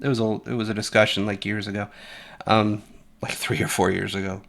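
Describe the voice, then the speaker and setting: Man, blunt opinion vlog, sharp bright tone, profane, rambling. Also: lowish voice, flat delivery, a little fast, creaky. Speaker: commentary channel host. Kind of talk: opinionated casual commentary.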